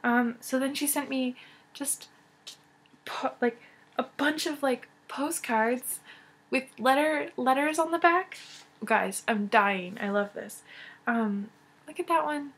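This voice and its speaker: A young woman vlogging in casual chat, gushing and excited, with many fillers and restarts. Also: high-pitched, takes it slowly, husky.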